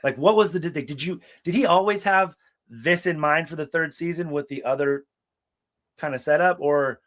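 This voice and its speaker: The voice is a young man's, on the high side, fairly bright, and at a normal speed. As co-host of a relaxed live watch-along podcast, he tells profane, meandering stories from a hot, air-conditioning-free room.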